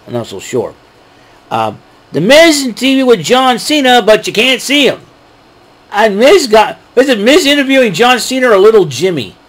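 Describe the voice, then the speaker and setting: A man's voice: extremely high pitch, very animated, moderate pace, fairly bright tone. A man casually recapping wrestling events, rambling with fillers and chuckling at his own jokes. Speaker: wrestling show recap host. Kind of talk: casual solo recap talk.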